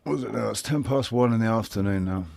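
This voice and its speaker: A man's voice: fairly low pitch, fast, creaky, a little mellow, no room sound. A man hosting a live stream, chatting casually, rambling and repeating himself with casual swearing.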